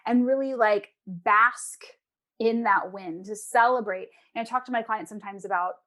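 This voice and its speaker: A woman's voice: mid-range voice, moderate pace. A woman, an emotional eating coach, giving advice as a guest in a casual interview and acting out her clients' voices. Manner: animated, acts out clients' voices.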